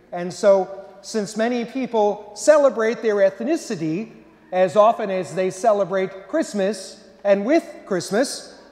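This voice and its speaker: A man serving as pastor, giving jovial closing remarks and a blessing at Mass in a large church. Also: sits high. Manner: jovial, warm-hearted delivery with playful asides. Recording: reverberant church hall.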